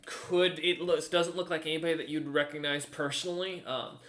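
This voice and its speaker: Bright-voiced man running a tabletop game. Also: on the high side, steady tone. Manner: halting, full of ums and restarts. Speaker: game master.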